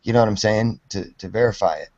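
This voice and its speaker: A man's voice: lowish voice, fast, darkish tone. A man in a casual online discussion, rambling and swearing as he makes his point. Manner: rambling, swears, restarts often. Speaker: guest in discussion. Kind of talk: casual heated chat. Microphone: video call. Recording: dull web call audio.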